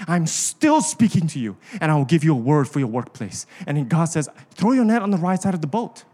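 Pastor preaching with rising fervor. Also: male voice, fairly high pitch, sing-song, fairly quick, dark tone. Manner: impassioned, repetitive preaching cadence. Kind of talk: sermon.

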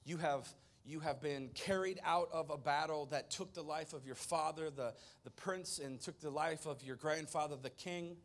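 A male pastor retelling a scripture story as a sermon, dramatic, swinging between loud stretches and hushed ones. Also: on the high side, normal speed, hardly any pauses.

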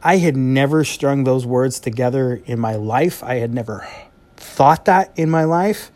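A man's voice: medium pitch, a little mellow. Solo podcast host, man, heartfelt and conversational, mid-range voice. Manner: earnest, heartfelt, conversational with pauses. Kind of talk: reflective solo podcast monologue.

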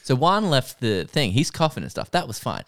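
A man's voice: mid-range voice, moderate pace, dry recording, studio quality. A man co-hosting a casual podcast, recapping a TV show, swearing and acting out the characters' lines. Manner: animated, swearing, acts out quotes. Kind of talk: casual chat.

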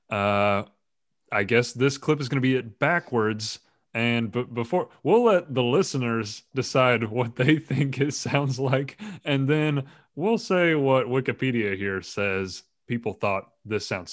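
A man's voice: medium pitch, a little slow. A man hosting a casual podcast chat, rambling and joking, often laughing mid-sentence. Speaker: podcast host.

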